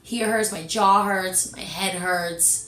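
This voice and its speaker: A woman co-host with a medium-pitched voice speaks slowly in a casual chat, animated and emphatic. She stutters and restarts words, recorded in an echoey room with faint music.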